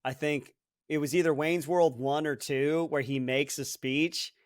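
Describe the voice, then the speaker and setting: A man's voice: fairly high pitch, fairly even intonation, measured pace, no echo, studio quality. A man co-hosting a podcast, guessing movie quotes, thinking aloud, hesitant, laughing easily. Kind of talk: casual podcast chat.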